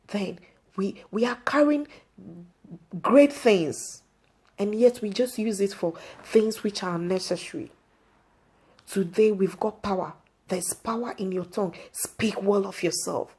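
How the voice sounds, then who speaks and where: A woman's voice: medium pitch, measured pace, pauses often, warm tone, breathy edge. A woman vlog host giving an earnest inspirational faith talk to camera, repeating her pleas.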